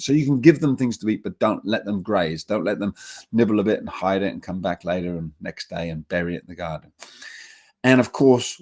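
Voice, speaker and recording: A man with a somewhat low voice teaches a dog-training seminar. He talks emphatically and lively, and he acts out little everyday scenes to make his points. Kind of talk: seminar talk.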